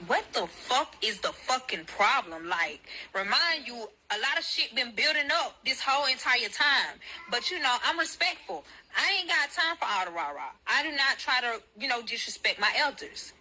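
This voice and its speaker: A woman telling a personal story to viewers in a blunt, profane, animated way. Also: fairly high pitch, moderate pace, few pauses, poor audio.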